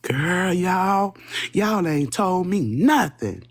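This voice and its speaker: A woman's voice: lowish voice, sing-song, drawn-out words, slight background noise. A woman hosting a live stream, chatting casually and profanely with her viewers and rambling from one thing to the next. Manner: profane, rambling, talks straight to her chat.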